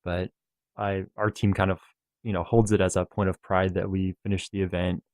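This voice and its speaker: A man's voice: sits low, little pitch movement, moderate pace, darkish tone, no room sound. A man in a casual podcast chat, speaking thoughtfully and hesitantly, often restarting his sentences.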